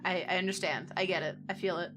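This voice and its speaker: Roześmiana kobieta komentująca grę. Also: female voice, lowish voice, steady tone, fast talker. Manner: chatty and joking, laughs often. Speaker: gamer playing a dating sim. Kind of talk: let's play commentary, reading dialogue aloud. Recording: music playing behind the voice.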